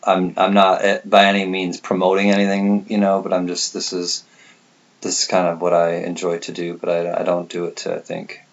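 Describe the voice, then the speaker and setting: A man's voice: deep voice, completely flat delivery, moderate pace, gravelly. Laid-back man, dull lo-fi sound. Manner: laid-back, rambling, laughs often. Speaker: livestream host. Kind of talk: casual chat reading viewer comments.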